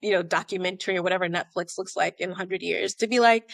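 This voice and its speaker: An American woman telling her story as a podcast guest, animated and conversational, acting out remembered dialogue. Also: lowish voice, fast talker, gravelly, few pauses, dry recording, clean studio sound. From United States. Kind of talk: conversational interview.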